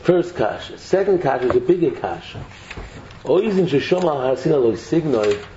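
Animated man giving a talk, echoey. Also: a little high, normal speed. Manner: animated storytelling, acting out quotes. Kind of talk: Torah lecture to students. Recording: echoey muffled room recording, faint hum.

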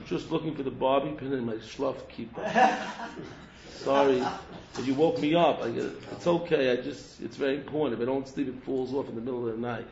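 A man's voice: mid-range voice, brisk, background noise, lightly acted. A man playing a sheepish husband who comes home late and rambles apologetic excuses. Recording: roomy, dull lo-fi recording.

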